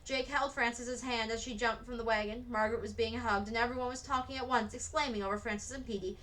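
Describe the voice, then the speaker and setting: Lady reading a kids' novel aloud, steady, bright voice. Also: a little high, fast, hardly any pauses, poor audio. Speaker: read-aloud narrator.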